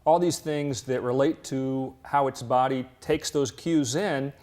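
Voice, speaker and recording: A man who is a university fish physiologist, explaining his work plainly and at a measured pace in an interview, with many fillers. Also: mid-range voice, fairly even intonation, a little mellow.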